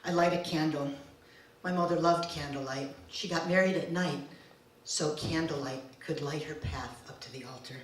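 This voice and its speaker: A woman in her forties telling a personal story live on stage, slow, deliberate and emotional in the first person. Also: low voice, steady tone, slight background noise. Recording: very echoey room, distant mic, faint ambience.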